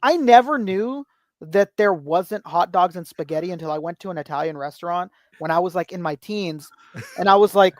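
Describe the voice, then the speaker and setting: A man's voice: sits high, a little fast, no room sound. A man guesting on a podcast, telling stories in casual chat, acting out quotes and swearing freely. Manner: animated storyteller, swears freely, acts out quotes.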